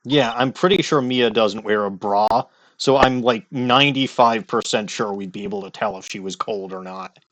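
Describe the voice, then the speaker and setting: A man's voice: fairly low pitch, normal speed, fairly bright tone, no echo. A man with a Midwestern accent giving joking, rambling commentary over a courtroom game. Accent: Midwestern American. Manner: rambling, joking, self-interrupting. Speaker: let's play host. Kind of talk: casual gameplay commentary.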